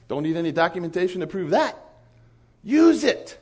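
A man preaching in an animated storytelling sermon, acting out the dialogue of the people in his stories. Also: high-pitched, brisk, husky. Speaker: pastor.

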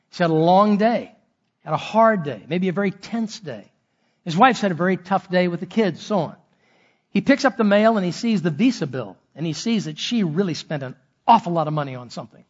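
A pastor preaching a sermon, earnest, acting out short quoted lines of a husband and wife. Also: male voice, high-pitched, dull audio.

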